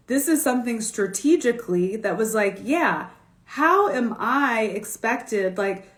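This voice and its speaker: A woman's voice: a little high, echoey room. A woman stylist talking casually on a live stream, telling candid stories with laughter and the odd swear word. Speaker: fashion stylist and business coach. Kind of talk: casual livestream talk. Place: home, recorded for a social media live stream.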